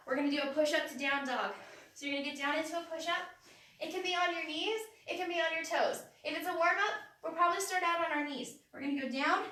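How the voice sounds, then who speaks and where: Upbeat high-voiced woman coaching a workout. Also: pushed and bright. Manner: upbeat, cueing moves and counting down. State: out of breath. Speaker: fitness instructor. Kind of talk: live workout instruction. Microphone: phone camera from across the room. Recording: echoey room, voice far from the phone.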